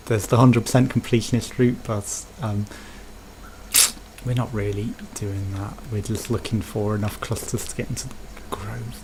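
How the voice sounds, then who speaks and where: A man with a fairly low voice and a Birmingham accent provides relaxed, chatty gameplay commentary as a let's play host, rambling and thinking aloud. There's noise in the background.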